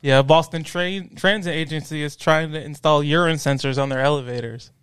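A man's voice: fairly high pitch, steady tone, a little fast, fairly bright tone, clean tone, no echo. A man co-hosting a podcast in casual chat. He teases the others and laughs often. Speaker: podcast co-host.

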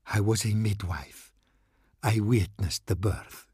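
A man voicing a desperate male priest in a storybook reading, speaking slowly and urgently, sometimes in a hiss. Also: on the low side, slightly rough, no room sound, clean studio sound, heavily acted. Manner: slow hushed urgent warnings, hissing at times.

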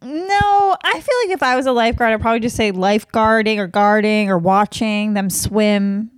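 A woman's voice: medium pitch, normal speed, no room sound, clean studio sound. A woman co-hosting a podcast, joking and rambling in casual comedic chat. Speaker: podcast co-host.

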